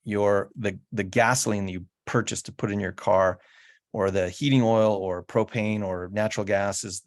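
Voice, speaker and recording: A man giving a slide presentation, explaining patiently and often restarting his sentences. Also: medium pitch. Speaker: guest speaker on home electrification.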